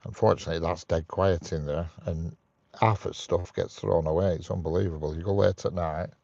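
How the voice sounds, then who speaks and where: A very deep-voiced man hosts a live stream, bantering with his viewers and reading out their comments. His voice is gravelly. It is recorded close and dry, with a slightly muffled tone. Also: fairly even intonation, fairly quick, darkish tone, no room sound. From United Kingdom. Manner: chatty, jokey, laughs at his own jokes.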